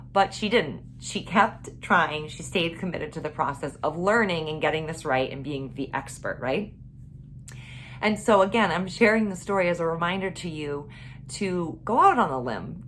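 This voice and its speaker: A woman's voice: sits low, a bit bright, slight background noise. A mother telling a funny family story in a casual way, laughing often and ending with a motivational message.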